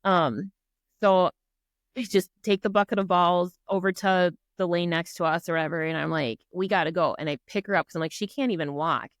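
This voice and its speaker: A woman's voice: on the low side, brisk, no echo, clean studio sound. A middle-aged woman from Minnesota, a podcast guest, telling a personal story in earnest, acting out what people said and using many fillers such as "like" and "um". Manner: earnest, animated retelling that acts out quoted dialogue.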